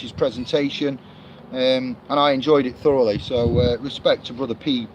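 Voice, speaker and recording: A man's voice: mid-range voice, darkish tone. A man rambling casually to camera, reviewing a book, with lots of fillers and restarts. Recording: muffled lo-fi audio with clear street noise.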